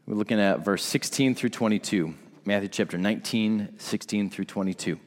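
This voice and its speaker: A man's voice: fairly low pitch, normal speed, big-room sound. A man preaching a sermon in a conversational way, speaking directly to his congregation. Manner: conversational, asks the congregation to respond. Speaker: pastor.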